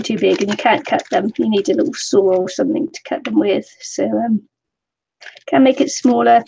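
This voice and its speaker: A woman's voice: a little high, creaky, slight background noise. A British woman, co-host of a craft livestream, chatting casually and reading out chat comments while she works. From Britain. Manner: relaxed, chatty, reads chat comments aloud. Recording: dull lo-fi stream audio.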